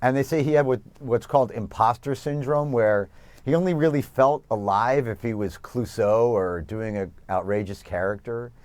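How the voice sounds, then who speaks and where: A man in his forties from New York, a TV interview guest who talks in an animated, self-mocking way and laughs often. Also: medium pitch, normal speed, no echo. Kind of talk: remote TV interview.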